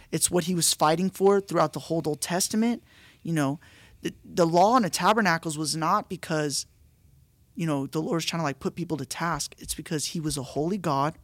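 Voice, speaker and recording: A male pastor telling stories in a casual, animated podcast chat, restarting often and saying dude and bro. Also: fairly high pitch, no room sound.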